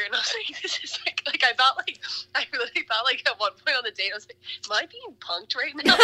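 A woman's voice: on the high side, rough recording. A young woman co-hosting a podcast, telling a dating story with lots of laughter and "like" fillers. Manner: laughing, animated, valley-girl fillers. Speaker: podcast co-host. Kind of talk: casual storytelling.

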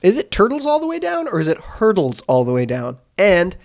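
A man from Canada co-hosts a comedy sports podcast with a lively, swooping voice pitched a little high. His talk is loose, jokey banter that tips into mock aggression. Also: fairly quick, gravelly. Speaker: podcast co-host. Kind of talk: casual comedic chat.

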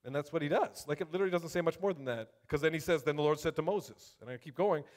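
A male preacher with a high voice who preaches in a loose, chatty way, calling out to the congregation. He breaks off to read scripture aloud, building up emphasis as he reads. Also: fast talker. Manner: animated, conversational, addresses congregation directly. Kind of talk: sermon.

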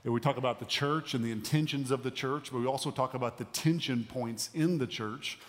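Man, pastor, sermon, conversational, emphatic rises, mid pitch, long hall reverb. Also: a little fast.

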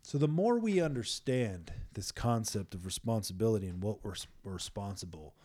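Earnest low-voiced man talking faith. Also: normal speed. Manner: earnest, emphatic, repeats words when excited. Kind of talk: casual faith conversation.

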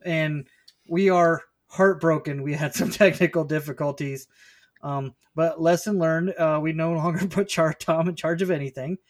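A man's voice: a little high, fairly even intonation, normal speed. A man co-hosting a podcast, joking at his own expense in casual chat. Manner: jokey, self-mocking. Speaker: podcast co-host.

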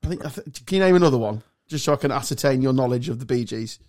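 A man's voice: mid-range voice, lively intonation, fast, darkish tone. Bantering man hosting. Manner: teasing, laughs often, steers back to topic. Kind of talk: casual banter.

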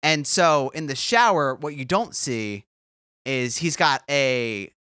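Animated, giggly man with a bright voice. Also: mid-range voice, smooth, no echo, studio quality. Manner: animated, giggly, quick to laugh. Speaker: podcast co-host. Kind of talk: casual comedic chat.

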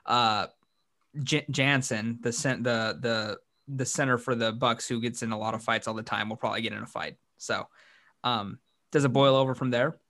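Casual sports-podcast host, male, mid-pitched, rambling, restarts a lot, hiccuping. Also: steady tone, moderate pace, a bit bright. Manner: rambling, restarts often, upbeat.

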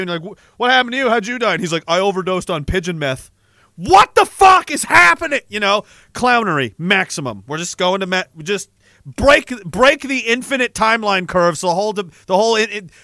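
A young man rambling comedically to a live audience in a profane, animated way, reading viewer messages and breaking into sudden shouts. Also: high-pitched, no echo, clean studio sound. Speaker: live streamer.

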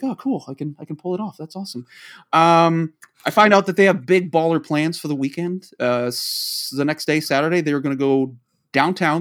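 This podcast co-host, from around Boston, speaks on the high side with a fairly bright tone. He's deep in a meandering, casual story, performing each bit of dialogue he repeats.

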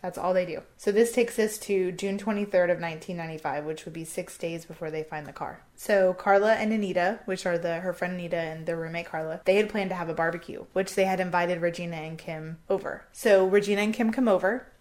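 A woman's voice: on the low side, steady tone, brisk, few pauses, a little mellow. A young adult woman co-hosting a podcast, casually retelling a true-crime case and swearing freely as she quotes people. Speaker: podcast co-host.

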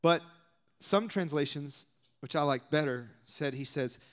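A man's voice: a little high, a little slow, fairly bright tone. Emphatic Southern US preacher, man. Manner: emphatic, drops to whispered asides. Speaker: guest preacher. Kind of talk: sermon.

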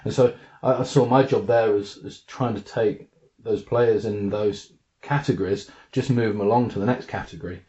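A man's voice: fairly low pitch, fairly even intonation, normal speed, warm tone. A man who works as a coach, thoughtfully explaining his approach in an interview, repeating words as he thinks. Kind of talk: reflective interview answer. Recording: dull lo-fi sound.

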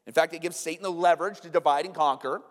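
A man's voice: on the high side, steady tone, quick pace, long reverb tail. A male pastor preaching a sermon earnestly and conversationally, asking rhetorical questions and acting out quotes.

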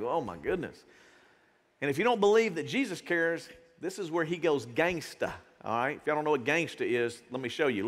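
A middle-aged man preaching a sermon as pastor, in a lively, conversational way. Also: on the high side. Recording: reverberant church hall.

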